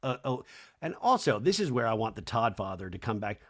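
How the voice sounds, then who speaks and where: A man hosting a comedy podcast, recapping reality TV in an animated, profane way and mimicking the cast. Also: on the low side, a little fast. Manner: swears freely. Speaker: podcast host.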